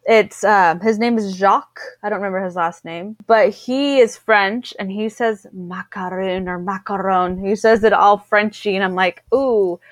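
A woman's voice: medium pitch, steady tone, normal speed, hardly any pauses, dry recording. A woman co-hosting a casual chat, bubbly and chatty, laughing often. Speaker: podcast co-host.

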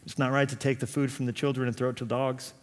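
A man voicing a calm, firm male teacher who refuses a plea, speaking deliberately within a sermon. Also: mid-range voice, long reverb tail, pitched below the performer's own voice, close to an everyday voice. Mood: firm refusal.

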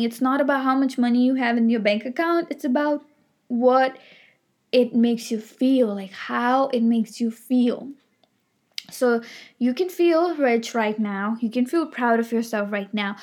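A woman giving an earnest motivational talk, emphatic and repetitive, full of affirmations and frequent "like" fillers. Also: on the high side. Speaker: self-help speaker. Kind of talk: motivational monologue.

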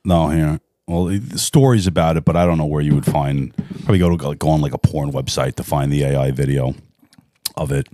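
A man's voice: rumbling low, brisk, dark tone, dry recording. A man co-hosting a podcast in casual chat, laid-back, mostly giving short agreeable replies. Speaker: podcast co-host.

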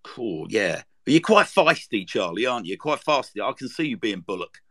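A man's voice: fairly low pitch, sing-song, normal speed, sharp tone, no echo. A man hosting a casual podcast chat, jokey and teasing, with lots of fillers. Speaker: podcast host.

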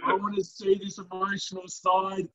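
A man's voice: high voice, monotone, moderate pace, bright, forceful tone, highs cut off. A man co-hosting a podcast, boisterous and swearing in matey banter. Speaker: podcast co-host. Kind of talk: casual chat.

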